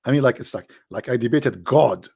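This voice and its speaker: A man with an Arabic accent hosts a sarcastic commentary, mocking and quick to slip into voices. His voice has a gravelly rasp. The sound is dry and close to the mic. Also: medium pitch, darkish tone, no echo. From Arab world. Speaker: host. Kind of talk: casual commentary.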